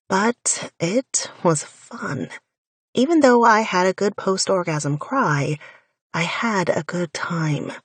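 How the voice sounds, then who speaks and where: A woman reads a first-person romance aloud in an intimate, wry inner-monologue style. Her voice is lowish and husky with breath in it, and she takes her time. The sound is dry and close, from a studio mic. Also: no room sound. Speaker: audiobook narrator.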